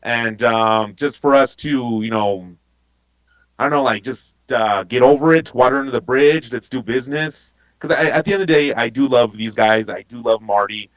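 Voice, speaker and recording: A man on a casual podcast, talking through an emotional behind-the-scenes story. He rambles and restarts, close to tears at times, with a relaxed, everyday tone. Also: mid-range voice, normal speed, rough recording. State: getting teary-eyed. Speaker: podcast guest and wrestling promotion insider.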